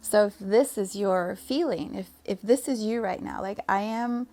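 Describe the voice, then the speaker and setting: A young woman, a spiritual coach, giving an earnest motivational monologue, laughing often and sometimes dropping to a soft whisper. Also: medium pitch, moderate pace.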